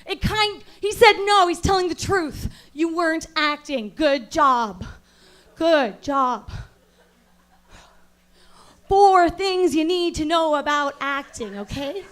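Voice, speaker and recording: On a comedy club stage, a woman does stand-up with crowd work in the guise of a pompous acting coach. She speaks slowly in a very high voice, delivering deadpan lectures that erupt without warning into outraged shouting.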